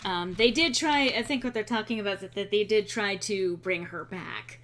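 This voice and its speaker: A woman's voice: mid-range voice, moderate pace, a bit bright. A young woman streaming a game, chatting casually with sarcastic asides and frequent ums. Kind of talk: casual let's-play chat.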